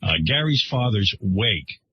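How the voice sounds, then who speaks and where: A man with a very husky voice telling a rambling story on a talk radio show, full of hesitations and restarts. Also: lowish voice, very animated, a little slow, no room sound. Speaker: radio host in an archive clip. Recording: dull lo-fi radio recording.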